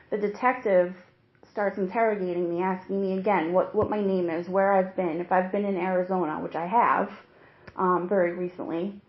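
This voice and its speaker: A young mother tells her own story in an earnest, halting way, restarting her sentences often. Her voice sits in an ordinary middle pitch. It is caught on a hidden recorder, so the sound is dull, lo-fi and echoey. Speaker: interviewee, new mother. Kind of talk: emotional personal account. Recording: roomy, dull lo-fi secret recording.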